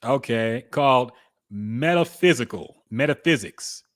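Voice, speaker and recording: A man's voice: medium pitch, lively intonation, a little slow, fairly bright tone, no echo, clean studio sound. A man co-hosting a music podcast, giving laid-back, candid opinions in casual chat. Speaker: podcast co-host.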